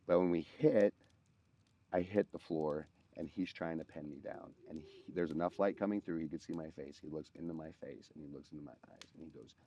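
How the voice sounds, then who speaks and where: A man co-hosting a podcast, telling a personal story in casual chat, often halting and restarting mid-sentence. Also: extremely low pitch, dark tone, highs cut off.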